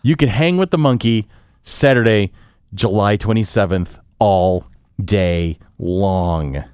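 An upbeat man hosting a casual podcast, rattling off event details with little jokes along the way. His voice is smooth and clear, and the recording is close and dry with no room sound. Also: on the low side, slow, darkish tone, no room sound. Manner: upbeat, jokey announcer of events. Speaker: podcast host.

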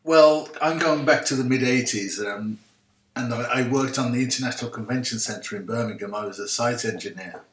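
An older Irish man, a guest caller, telling a lively anecdote in casual chat. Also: medium pitch, a little fast. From Ireland. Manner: chatty, animated, laughing anecdote teller. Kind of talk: casual storytelling. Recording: roomy, distant remote line.

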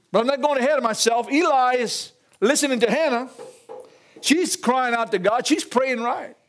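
An older man preaching a folksy sermon, chuckling often and calling out to the congregation. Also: very high voice.

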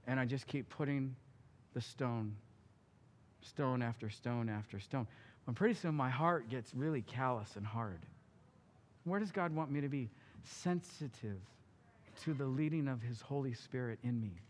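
A man preaching a sermon as a pastor. He speaks with passion, swings between loud and hushed delivery, and drops in casual asides. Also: mid-range voice, a little slow. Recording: long reverb of a large hall.

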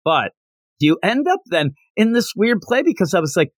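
A man hosting a casual podcast, recapping a manga chapter with jokes and frequent laughs, slipping into quick character voices. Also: high-pitched, no echo, clean studio sound. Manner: animated, slips into character voices while retelling scenes; joking, laughs often. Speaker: podcast host.

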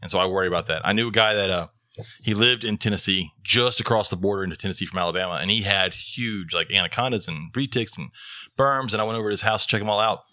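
A man hosts a casual podcast and teases his guest in easy banter. His voice is strikingly bright, and he talks quickly. The sound is dry and close. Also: on the low side, no room sound. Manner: joking, teasing. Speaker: podcast host. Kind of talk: casual chat.

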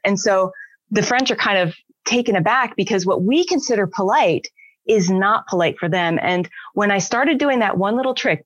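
A woman's voice: medium pitch, normal speed, dry recording, dull audio. A woman chatting casually, explaining points and acting out everyday examples. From United States. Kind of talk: casual podcast conversation.

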